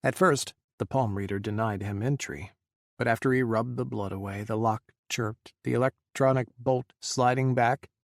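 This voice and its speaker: Man reading a novel aloud, creaky low voice, dry close sound. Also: steady tone, normal speed, dry recording. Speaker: audiobook narrator. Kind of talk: scripted narration.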